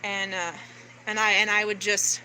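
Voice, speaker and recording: Intense, sharp-voiced woman rambling to camera. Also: medium pitch, level tone, normal speed, a little hiss or hum, rough recording. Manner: profane, intense, many restarts and fillers. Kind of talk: rambling spiritual monologue to camera.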